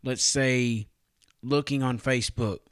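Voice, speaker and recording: A man's voice: medium pitch, steady tone, unhurried, clean tone, no room sound, clean studio sound. Plain-spoken man giving a devotional. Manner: folksy, plain-spoken, asks rhetorical questions. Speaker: podcast preacher. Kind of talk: casual devotional teaching.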